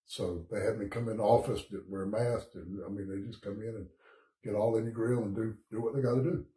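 A man's voice: on the low side, fairly even intonation, a little fast, dark tone, echoey room. A man leading a casual morning Bible study as pastor, chatty and folksy, a little sick with a cough, reading scripture aloud. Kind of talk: informal Bible study teaching. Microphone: streaming setup, morning online study.

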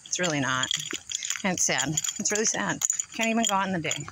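A woman's voice: on the low side, lively intonation, fairly quick, very noisy. A young woman from Ohio chatting casually into her phone as she walks home, rambling and repeating herself, a little out of breath. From Ohio, United States. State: slightly out of breath from walking. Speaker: vlogger. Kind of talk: casual walking vlog chat. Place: outdoors on a neighborhood street. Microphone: phone held while walking.

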